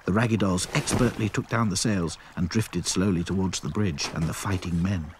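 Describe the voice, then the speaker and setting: A man narrating a children's cartoon story in an expressive way. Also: deep voice, moderate pace, few pauses, noisy background. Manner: animated, expressive.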